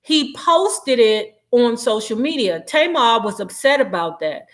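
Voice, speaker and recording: A woman's voice: on the high side, animated, unhurried. A woman vlogger, chatting animatedly and profanely while gossiping and reading comments on a livestream.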